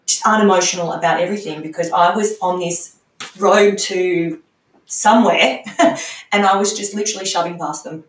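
A woman's voice: on the low side, normal speed. A middle-aged mother and coaching client, reflecting candidly in a podcast conversation, often restarting her sentences. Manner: candid, searching, trailing restarts. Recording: roomy echo, distant from mic.

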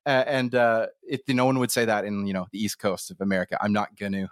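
A man from Canada hosting a casual podcast interview, talking in an animated, storytelling way with quick asides. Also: fairly low pitch, no room sound, clean studio sound. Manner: animated, storytelling, slips into playful impressions. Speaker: podcast host.

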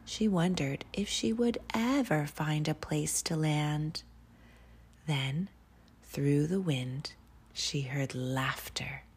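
A woman hosting a children's story channel, reading a picture book aloud in a soft, hushed, soothing way. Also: low voice, takes it slowly, husky. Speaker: storyteller host.

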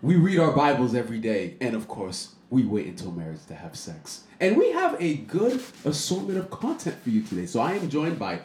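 Animated man telling stories in a roomy echo. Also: brisk, few pauses. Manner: animated, swings into high-pitched voices for quoted people. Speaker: podcast host. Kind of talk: casual storytelling chat.

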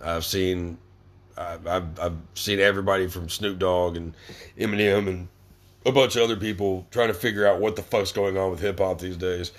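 A man's voice: deep voice, fairly even intonation, normal speed. A young man hosting a podcast, ranting angrily with constant swearing and stammered restarts. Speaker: podcast host. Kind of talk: profane ranting monologue.

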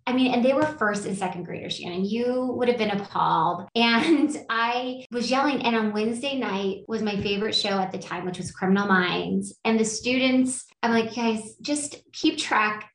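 A woman teacher hosting a podcast, talking in a casual, animated way and laughing at herself as she tells a story. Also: a little high, normal speed, few pauses, roomy sound, a little hiss or hum, poor audio. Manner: animated, laughing, self-deprecating. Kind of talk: casual conversation.

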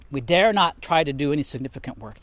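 Lively, slightly breathless male teacher. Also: on the high side, no echo. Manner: animated, reads and explains scripture; talks while walking vigorously. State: a little out of breath. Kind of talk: spoken Bible teaching.

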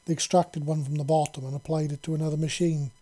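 Husky male story narrator. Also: on the high side, flat delivery, fast talker, mellow. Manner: casual, chatty story narration. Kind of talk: story reading.

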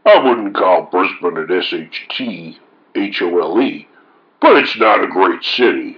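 Mock-indignant man with a lively, swooping voice. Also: low-pitched, unhurried, lo-fi sound. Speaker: host reading forum posts aloud. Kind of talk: reading posts with sarcastic commentary.

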